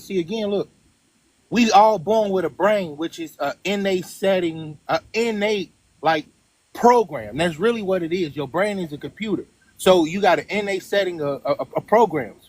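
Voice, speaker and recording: A man with a notably high-pitched voice tells his story as a guest. He speaks earnestly and emphatically and keeps checking in with his listeners. The sound is close and dry. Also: no room sound. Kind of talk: casual storytelling.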